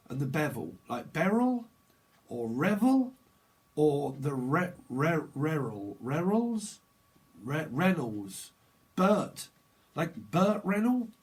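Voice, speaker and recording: A man's voice: fairly high pitch, husky. A man giving a casual, off-the-cuff tarot reading, rambling through jokey, slangy wordplay. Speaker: tarot reader.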